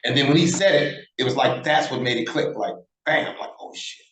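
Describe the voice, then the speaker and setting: A man's voice: mid-range voice, a little fast. A man in his sixties telling stories in a casual interview, bluntly and profanely, acting out the dialogue. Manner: animated, acts out quoted dialogue, blunt and profane. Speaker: interview guest, former prisoner. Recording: roomy echo.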